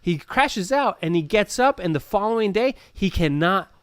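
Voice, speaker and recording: Male podcast co-host, animated, high-pitched, casual news reader, dry close recording. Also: normal speed, clean tone, dry recording. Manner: laughs often, stumbles and repeats words.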